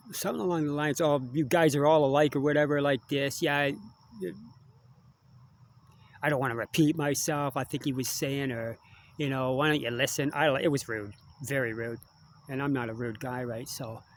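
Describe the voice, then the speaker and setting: With a faint hiss or hum in the background, a medium-pitched older man from Canada, who vlogs as a musician, rambles casually through a monologue, frequently wandering off topic and closing lines with tag questions.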